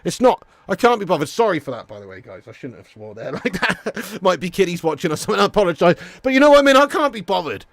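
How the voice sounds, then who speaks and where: A man's voice: sits high, sing-song, quick pace, few pauses, a bit bright. A man hosting a live football watch-along, rowdy, joking and swearing. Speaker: match watch-along host.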